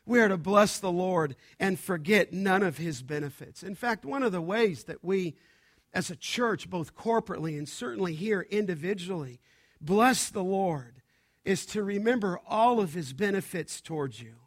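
A man preaching a sermon to his congregation, slow and emphatic, building to loud declarations. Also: high voice, lively intonation. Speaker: pastor.

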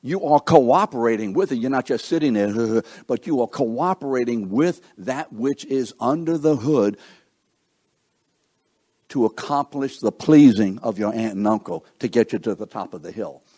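Husky-voiced man preaching conversationally. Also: medium pitch, lively intonation, moderate pace, dark tone. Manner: conversational, asks the listeners questions, acts out quoted thoughts. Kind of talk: sermon.

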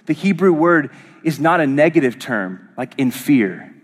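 A man preaching a sermon, his voice sitting somewhat high for a man. He swings from loud, rising lines down to hushed, near-whispered ones, pressing each point home as a pastor. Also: normal speed.

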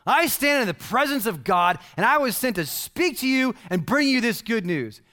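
Man reading as a stern male archangel, slow, emphatic, declaiming, raised voice. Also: extremely high pitch, very animated, sharp tone, pitched above the performer's own voice, exaggerated voice.

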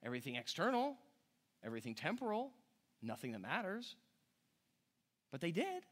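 A middle-aged man preaching a sermon, animated and jokey, acting out characters in quick asides. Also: a little high. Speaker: pastor.

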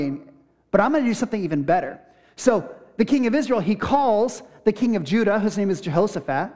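Young guy pastor, high voice, casual sermon storytelling, acts out the kings talking. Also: lively intonation, brisk, darkish tone. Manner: casual storytelling with acted-out quotes.

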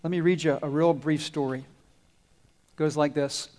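A man giving a children's sermon, asking the kids questions and telling stories, growing loud at the climaxes. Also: a little high, unhurried. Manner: asks the kids questions and waits for answers; animated storyteller, swells loud on climaxes. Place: church sanctuary. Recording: long hall reverb.

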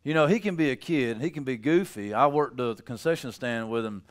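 A man preaching a sermon, telling stories about his children, laughing at his own tales and building to loud emphasis. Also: medium pitch, a little fast. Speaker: pastor.

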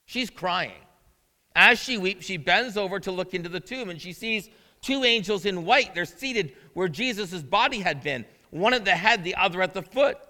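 A man's voice: high voice, expressive, moderate pace, pushed and bright. A male pastor preaching a sermon in a conversational way, asking the listeners questions as he goes. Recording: long reverb of a large hall.

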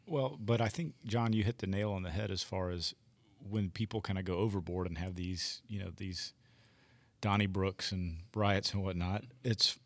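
A very deep-voiced man talks things through at an easy, rambling pace, leaning on "you know" as he thinks aloud. His tone is conversational and reflective. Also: normal speed. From United States. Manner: rambling, thoughtful, many fillers. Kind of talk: casual chat.

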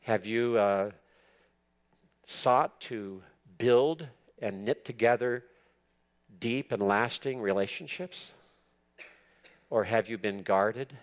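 A man giving an expository sermon to church leaders, earnest and emphatic, repeating words for stress. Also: on the low side. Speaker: preacher teaching church leaders.

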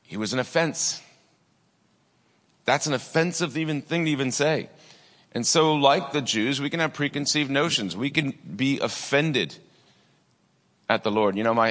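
A man's voice: mid-range voice, moderate pace, long pauses, a bit bright, long reverb tail. A man preaching a sermon in a conversational way, with many asides and fillers. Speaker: pastor.

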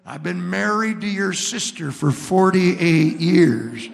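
A laconic old man who can't be scared, as a preacher puts him on, answering with calm, drawled replies. The voice stays close to the preacher's own gravelly, bright tone, and it echoes in a long church reverb. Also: high-pitched, slow pace, full character voice.

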